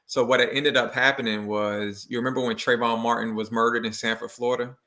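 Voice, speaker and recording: A man with a bright, forward voice at middle pitch tells a personal story as a guest in a video interview. He talks in a loose, animated way, with plenty of likes. He lifts his voice when he acts out what people said. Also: fairly quick. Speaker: motivational speaker and education consultant guest.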